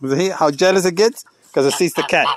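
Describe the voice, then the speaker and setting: A man filming his birds and pets in an outdoor yard on a handheld phone, coaxing and talking to them and to the camera in an excited, repetitive way. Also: on the high side, a little fast, no room sound. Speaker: backyard animal keeper filming his pets. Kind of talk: casual home video narration. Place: outdoor yard with geese, chickens and ducks.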